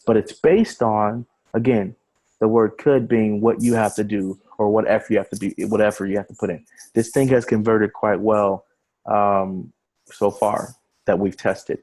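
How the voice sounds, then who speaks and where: Guy with a lowish voice doing a casual marketing webinar over a video call, repeats himself a lot. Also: fairly even intonation, normal speed, a little mellow, rough recording. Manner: casual, repeats words and restarts phrases while explaining. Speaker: online marketing trainer. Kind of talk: screen-share webinar walkthrough.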